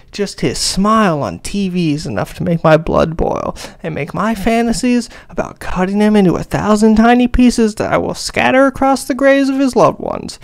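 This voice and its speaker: A man's voice: high voice, gravelly. A man reading an over-the-top comic rant aloud in a furious, melodramatic, escalating way.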